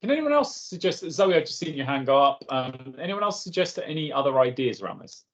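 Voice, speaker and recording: A man's voice: medium pitch, brisk, highs cut off. A man leading an online workshop in a chatty, conversational way and calling on participants by name. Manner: lively and conversational, calls on participants. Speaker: workshop facilitator.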